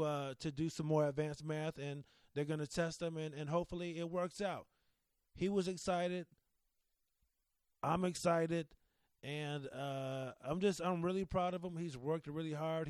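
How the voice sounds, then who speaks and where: A man in his thirties hosts a casual solo podcast, speaking candidly and emotionally about his son into a studio microphone while rambling, restarting and cursing now and then. His voice sits on the high side and is a little mellow, clear and resonant, with no room sound.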